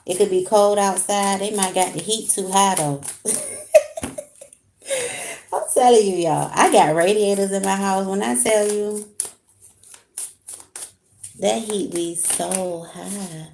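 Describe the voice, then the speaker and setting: Chatty woman reading tarot cards, gravelly voice. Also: mid-range voice, unhurried, darkish tone, slight background noise. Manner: chatty, talks straight to viewers with slang. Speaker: tarot card reader. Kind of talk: casual live tarot reading. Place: home room with heat on.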